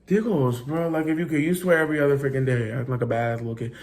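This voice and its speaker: A young man tells a story from his school days in a casual, rambling way, full of fillers and restarts. His voice is mid-pitched, and he swears freely and mixes Spanish words into his talk. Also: quick pace, darkish tone. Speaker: vlogger telling a story.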